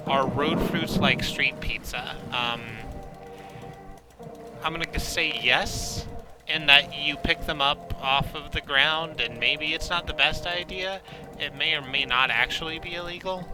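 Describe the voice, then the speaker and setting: A man's voice: fairly high pitch, unhurried, poor audio. A man streaming a game, chatting casually in a rambling, joking, self-deprecating way. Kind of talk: casual gameplay commentary. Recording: game music playing loudly behind. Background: in-game car radio music.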